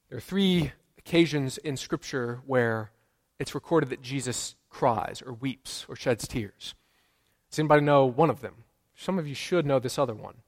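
A man's voice: medium pitch, long reverb tail. A man preaching a sermon as pastor, earnest, repeating key phrases and quizzing his congregation. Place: church sanctuary.

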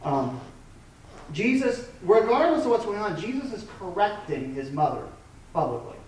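A man's voice: high voice, very animated, normal speed, a little hiss or hum. A man in his thirties preaching a sermon as a pastor, talking in a loose, conversational way with frequent restarts. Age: 30s. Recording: echoey room from a distant mic.

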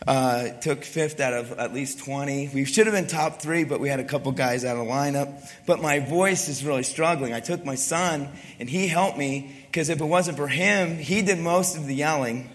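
A middle-aged man preaching a sermon as pastor, hoarse and raspy-voiced, chatty and self-deprecating. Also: fairly high pitch, moderate pace. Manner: chatty and self-deprecating, then hushed in prayer. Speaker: wrestling coach. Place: church sanctuary. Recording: long hall reverb.

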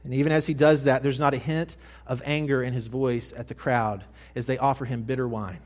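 A male pastor delivering a sermon, telling a story dramatically and swinging between hushed and loud. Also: mid-range voice, fairly even intonation, fairly quick.

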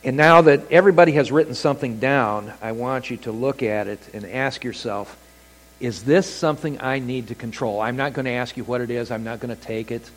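A man preaching a sermon as pastor, telling stories with animated delivery and acting out quoted voices. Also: mid-range voice, brisk. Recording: long hall reverb.

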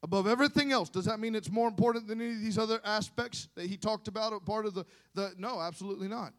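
A man preaching a sermon to a congregation, moving from quiet asides to impassioned shouting and calling on the listeners to respond. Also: high-pitched, fairly even intonation, quick pace.

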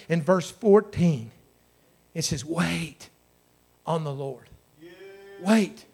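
Impassioned high-voiced male preacher. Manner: impassioned, swinging from hushed to shouting. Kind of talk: sermon.

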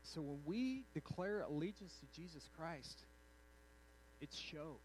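A man preaching a sermon in an animated, conversational way, acting out the quotes in his story. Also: on the high side, a little slow, slight background noise, poor audio. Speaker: pastor.

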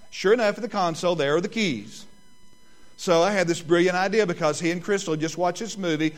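A middle-aged man, preaching a sermon and telling family stories in lively quoted voices. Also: sits high, brisk. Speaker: pastor.

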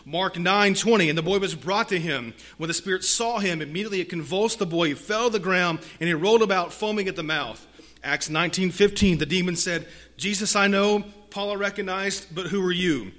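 A man delivers a sermon in a fairly high, forceful, bright voice. He drops to near-hushed phrases and then rises to loud emphasis, repeating key lines for effect. He reads scripture aloud with weight. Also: fairly quick. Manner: dramatic swings from hushed to loud, with rhetorical repetition. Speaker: preacher.

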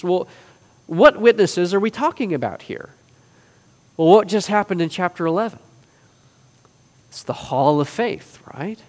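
A man teaching a discipleship class, explaining a text and stressing key phrases with slow, emphatic repetition. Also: high-pitched, big pitch swings. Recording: reverberant hall.

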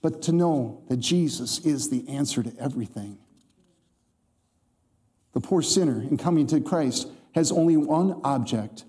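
Mellow-voiced man preaching a sermon. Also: on the high side, expressive, a little slow. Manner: emphatic, scripture-quoting, addresses congregation directly.

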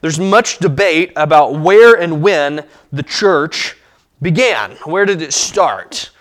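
A man in his thirties preaching a sermon as pastor, pausing often with fillers and restarts. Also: fairly high pitch, animated, fairly bright tone. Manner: halting, many fillers and restarts.

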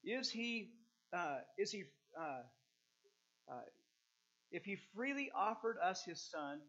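A man preaching a sermon, reading scripture slowly and then talking it through earnestly with restarts and fillers. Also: high-pitched, sing-song, pushed and bright, lo-fi sound. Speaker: pastor.

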